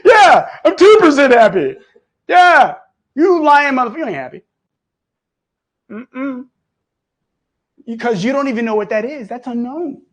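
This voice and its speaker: A man with a very high voice coaches his audience live, mocking and swearing freely. His pitch swings widely from line to line, and his delivery is animated and preachy. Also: a little slow, pauses often. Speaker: host.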